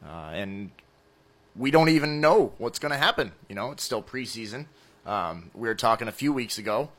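A man's voice: medium pitch, animated, normal speed, fairly bright tone. A man from Michigan co-hosting a casual sports podcast in an easygoing, agreeable way.

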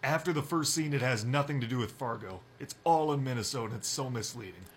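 A young man hosting a sports radio show, talking football in a brisk, opinionated way. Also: medium pitch. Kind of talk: casual sports talk.

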